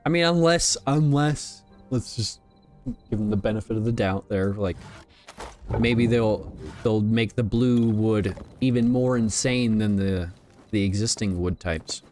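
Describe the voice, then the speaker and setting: A man chatting casually on a game livestream, rambling and relaxed as he talks to his viewers while playing. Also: fairly low pitch, a little slow, faint music behind. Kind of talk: casual gaming livestream chat.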